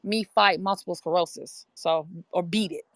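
A woman guest, a brand ambassador, chats enthusiastically in a casual testimonial interview, her talk full of fillers and restarts. Her voice is lowish but fairly bright, at a moderate pace, with no room sound.

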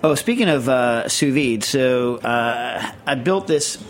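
A man's voice: mid-range voice, lively intonation, slow pace. A man co-hosting a casual chat podcast, rambling and ranting with lots of fillers and self-deprecating asides. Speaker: podcast co-host.

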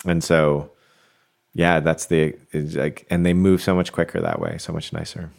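A man with a very low, deep voice talks casually on a podcast. He muses reflectively and rambles, restarting his sentences often. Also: little pitch movement, moderate pace, gravelly, darkish tone. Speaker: podcast co-host and coach.

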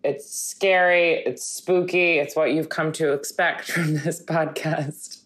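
A woman's voice: low voice, fairly even intonation, takes it slowly. A woman hosting a podcast with a casual, rambling, joking solo intro, tired after a late night out. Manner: rambling, jokey. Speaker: podcast host.

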